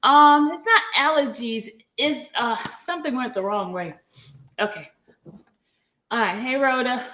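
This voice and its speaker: Woman on a livestream, slow and a bit high, chatty, greets people, coughing here and there. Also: sharp tone. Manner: chatty, greets viewers by name, apologetic asides. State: coughing, catching her breath. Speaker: livestream host. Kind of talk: casual livestream talk, reading documents aloud.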